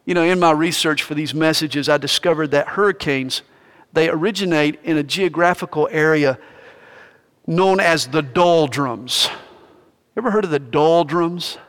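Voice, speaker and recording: A male pastor preaching a sermon, telling stories with animated energy. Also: a little high, moderate pace, long reverb tail.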